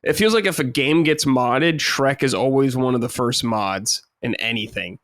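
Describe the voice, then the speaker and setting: A man's voice: mid-range voice, normal speed, a bit bright, no room sound, clean studio sound. A young man co-hosting a podcast, joking around loosely in casual chat and swearing now and then. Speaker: podcast co-host.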